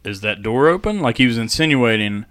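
A man's voice: mid-range voice, fairly quick. A man co-hosting a casual chat, telling a story and acting out the people in it. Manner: animated storyteller, acts out quoted people. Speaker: podcast co-host.

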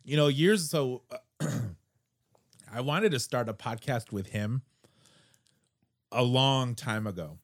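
A man's voice: mid-range voice, expressive, slow, pauses often. A young man with a Chicago accent hosting a podcast, chatting casually and telling jokey stories with frequent laughter. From United States. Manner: jokey storyteller, laughs often. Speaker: podcast host. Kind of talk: casual chat.

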